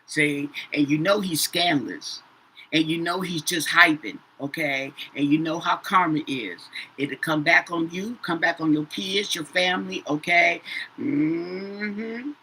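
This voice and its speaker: A chatty woman reads tarot cards for her viewers in a casual session, speaking in a deep, unhurried, bright voice with a forceful, slightly rough edge. She tacks "okay?" onto nearly every phrase and repeats herself. The audio quality is poor.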